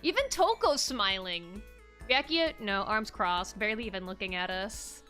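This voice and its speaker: A woman's voice: medium pitch, expressive, moderate pace, sharp tone. A woman streaming a game in casual commentary, playful and laughing often as she reads lines aloud. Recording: faint music in the background.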